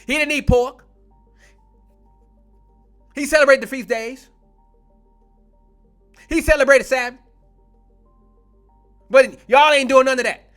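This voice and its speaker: High bright-voiced man preaching bluntly. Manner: blunt, confrontational, profane; drawls key words slowly for emphasis. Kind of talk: fiery online sermon.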